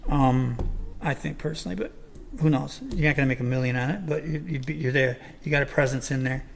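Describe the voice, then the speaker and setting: A man's voice: medium pitch, quick pace, vocal fry, slight background noise. An older man, hosting a casual chat show and rambling through his points with plenty of ums and restarts. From Michigan. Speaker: podcast host.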